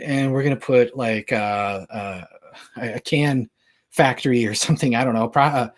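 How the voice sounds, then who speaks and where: A man's voice: medium pitch, moderate pace. A man talking casually about the Gospels, reading verses aloud and explaining them with plenty of fillers. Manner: conversational, many fillers, reads verses aloud. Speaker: Bible teacher.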